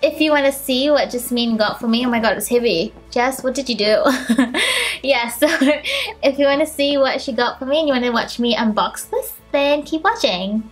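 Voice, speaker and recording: A woman's voice: sits high, animated, normal speed, breathy edge, faint music behind. Gushing young woman beauty vlogger. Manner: bubbly and gushing, many fillers. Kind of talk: casual vlog, unboxing.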